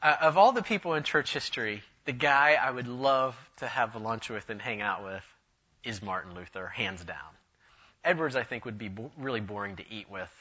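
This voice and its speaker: A man's voice: mid-range voice, moderate pace, bright, forceful tone, breathy edge, lo-fi sound. A man giving a church history lecture at a conference, enthusiastic and jokey, wandering off on asides. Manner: humorous, digressive, enthusiastic.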